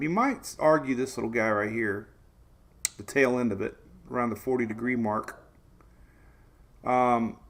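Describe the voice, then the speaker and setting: Chatty gravelly-voiced man hosting weather. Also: medium pitch. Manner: chatty, rambling, laughs often, greets viewers. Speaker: weather show host. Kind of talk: casual live weather stream chat.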